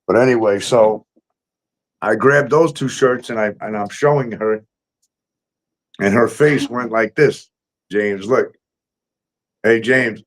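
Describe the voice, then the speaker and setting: A man with a fairly low voice speaks slowly, pausing often, as he hosts a casual talk show from home. He tells a story with frequent laughter and loose swearing.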